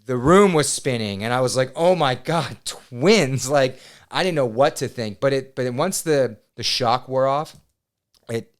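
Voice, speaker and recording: Smooth-voiced man telling a story. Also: mid-range voice. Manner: animated, swears, quotes himself loudly. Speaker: podcast guest. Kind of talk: casual storytelling. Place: podcast studio.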